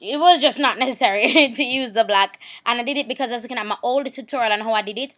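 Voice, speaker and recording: A woman's voice: on the high side, fast, a bit bright. A woman, talking casually through a makeup tutorial, chatty and repeating herself. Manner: chatty, repeats herself, talks while working. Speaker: makeup vlogger.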